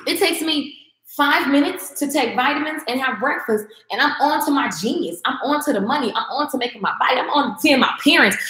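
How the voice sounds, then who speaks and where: A woman's voice: high voice, fairly bright tone, roomy sound, slight background noise. A woman vlogger giving a passionate, emphatic motivational talk straight to her viewers, repeating phrases for emphasis.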